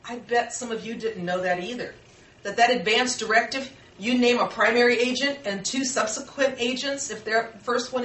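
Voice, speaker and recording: A woman's voice: on the high side, a bit bright, a little hiss or hum. A middle-aged woman giving an informal workshop talk, earnest and conversational, with personal stories. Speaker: workshop presenter. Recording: echoey room, mic far off.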